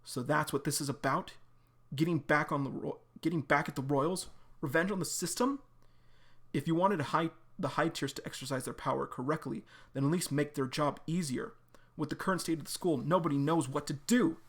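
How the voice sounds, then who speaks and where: A man's voice: on the high side, fairly quick, husky. A man voicing a determined young woman in a webcomic read-aloud, pleading earnestly with a friend. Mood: confronting. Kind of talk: reading a webcomic aloud with voices.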